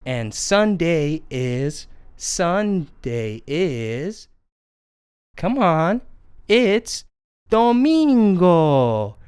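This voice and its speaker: Puppeteer doing friendly sparrow puppet teacher for kids, very slow and bouncy, clean dry sound. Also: mid-range voice, sing-song, clean tone, no echo. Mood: cheerful. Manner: sing-song, encouraging, drawn-out words. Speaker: children's language teacher. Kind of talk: children's lesson.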